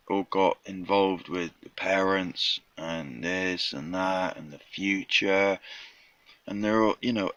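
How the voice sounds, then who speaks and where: A man's voice: lowish voice, a bit bright, no room sound, muffled recording. A man telling a rambling made-up fish story in casual surfer slang, with little voices for the characters. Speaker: vlogger telling a tall tale.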